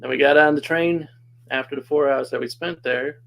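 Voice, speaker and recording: A man's voice: mid-range voice, fairly even intonation, moderate pace, vocal fry, fairly bright tone, a little hiss or hum, low-quality recording. A man casually telling a personal story as a podcast guest, chatty and laughing often.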